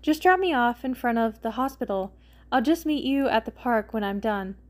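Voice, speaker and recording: A woman as a stubborn young rookie pitcher. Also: lively intonation, moderate pace, natural voice. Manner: guarded, stubborn.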